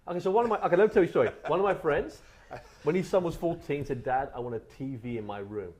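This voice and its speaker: A middle-aged man from England, a guest telling animated stories in a casual podcast chat. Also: on the high side. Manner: animated storyteller, quick and lively. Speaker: guest author.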